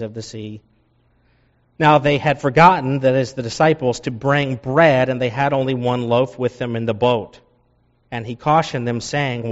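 A man preaching a sermon, reading scripture aloud and rising loud and high for emphasis, then dropping low for asides. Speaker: pastor. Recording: dull lo-fi sound.

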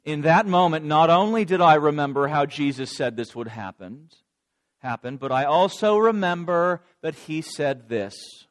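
Man doing an ashamed grown disciple, first-person telling, slightly high voice. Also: animated, unhurried. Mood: remorseful. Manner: dramatic first-person storytelling. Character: remorseful adult male disciple recounting denial. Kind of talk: first-person dramatic monologue.

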